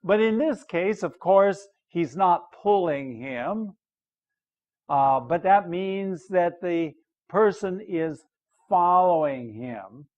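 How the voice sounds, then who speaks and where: An older American man teaches English at a very slow, deliberate pace. He reads a story line by line, repeating phrases and checking that his listeners understand. His fairly high voice comes through dull, lo-fi audio. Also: expressive. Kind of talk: slow explanatory lesson, reading a story aloud.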